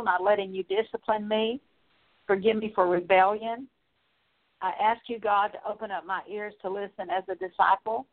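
A woman leading a spoken prayer of repentance, earnest and steady, working through a long list with frequent small fillers. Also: medium pitch. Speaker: prayer minister. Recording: tinny phone-like line.

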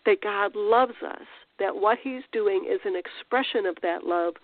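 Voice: mid-range voice, measured pace, dry recording. A Christian teacher giving an informal spiritual talk, conversational, with restarts and rhetorical questions. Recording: tinny phone-like dry sound.

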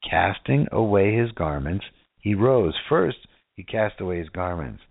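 A man's voice: low-pitched, animated, unhurried, gravelly, breathy edge, dry recording. A man preaching a casual sermon who keeps asking his listeners rhetorical questions and "right?". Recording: tinny phone-like dry sound.

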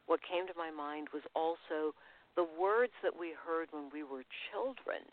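A man's voice: fairly high pitch, measured pace. A man hosting an interview, engaged and summarizing his guest's points into questions. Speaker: host. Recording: phone-like line.

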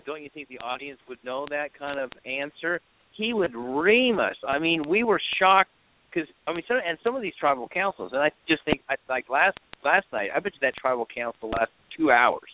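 A man calling in as a guest, telling stories in a lively way with quick restarts. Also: medium pitch. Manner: animated storyteller, quick restarts. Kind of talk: casual call-in show talk. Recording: tinny phone line with faint hiss.

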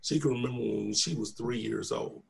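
Here a middle-aged man recounts a personal testimony at normal speed, his medium-pitched voice carrying some creak. Animated throughout, he voices the people in his story as he quotes them.

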